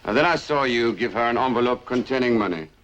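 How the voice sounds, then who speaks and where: A man with a French accent playing a formal, deliberate police officer in a drama. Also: mid-range voice, expressive, a bit bright. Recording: dull lo-fi sound.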